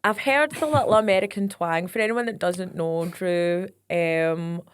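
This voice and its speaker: A woman's voice: fairly low pitch, unhurried, smooth, no echo, studio quality. A Scottish woman hosting a casual chat podcast, chatty and playful, laughing along with her guest. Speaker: podcast host.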